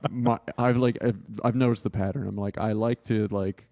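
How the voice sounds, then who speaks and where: A man's voice: fairly low pitch, fairly even intonation, normal speed, a little mellow. A young man talking casually as a podcast guest, rambling and filling his speech with "like", laughing often. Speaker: podcast guest, film student. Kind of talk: casual interview chat.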